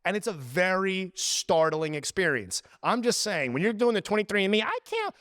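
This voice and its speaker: A man's voice: sits high, moderate pace, no echo, clean studio sound. A man in his twenties hosting a podcast, ranting profanely and acting out little quoted scenes. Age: 20s. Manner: profane, animated storytelling with put-on quotes. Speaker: podcast host. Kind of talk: casual podcast rant.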